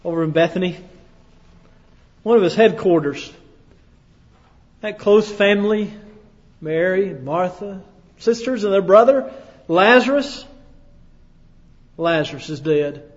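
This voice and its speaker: Man preaching a sermon, kinda high voice, big echoey hall, dull lo-fi sound, goes hushed then loud. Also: unhurried, pauses often. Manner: dramatic second-person storytelling, swinging from hushed to loud.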